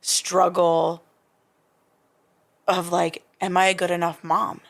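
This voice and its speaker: Lady in her 30s, kinda low voice, stops and restarts a lot while she thinks it through. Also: little pitch movement, slow pace, gravelly. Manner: hesitant, searches for words, many restarts. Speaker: podcast guest. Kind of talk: casual recovery-group conversation.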